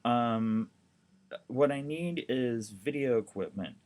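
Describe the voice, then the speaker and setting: A man's voice: medium pitch, slow pace, a little mellow. A seriously ill man talking casually to the camera, rambling and heartfelt with lots of fillers. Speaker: documentary vlogger.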